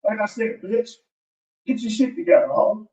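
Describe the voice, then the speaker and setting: A man's voice: high voice, animated, normal speed, warm tone. A man ranting defensively in a played video clip, rambling and profane. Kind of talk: angry video rant. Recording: dull, roomy audio from a distance.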